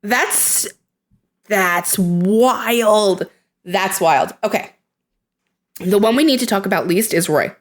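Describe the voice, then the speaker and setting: A woman co-hosting a casual podcast chat. Her voice sits in a middle pitch. She is blunt, swears freely and laughs often. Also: lively intonation, measured pace. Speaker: podcast co-host.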